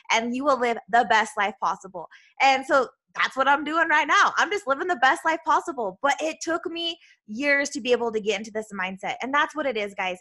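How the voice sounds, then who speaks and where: A woman in her thirties from Utah with a Utah accent, hosting a podcast as a self-love coach, talking fast and bubbly with lots of "like" and "right?". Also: a little high, bright, forceful tone. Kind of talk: casual solo podcast monologue.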